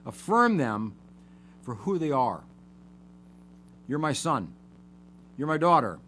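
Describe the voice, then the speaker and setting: A man's voice: mid-range voice, big pitch swings, slow, fairly bright tone, slight background noise. An older man teaching a psychology lesson, making numbered points and repeating key words for emphasis. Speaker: psychology show host. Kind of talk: lecture-style teaching.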